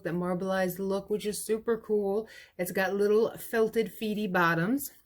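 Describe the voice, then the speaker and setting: A woman who owns a vintage shop, presenting items in a casual live clearance sale, fondly calling pieces cute little babies and closing each pitch with a price and lot number.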